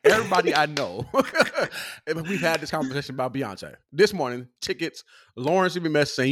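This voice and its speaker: A man's voice: a little high, lively intonation, moderate pace, a bit bright, no echo. A man co-hosting a podcast in casual, laid-back banter, teasing his partner. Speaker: podcast co-host. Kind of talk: casual chat.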